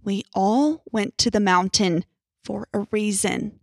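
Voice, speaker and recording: A woman's voice: medium pitch, slow pace, gravelly, no room sound, studio quality. A woman voicing a haggard, tired doctor. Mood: weary. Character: tired haggard middle-aged male doctor.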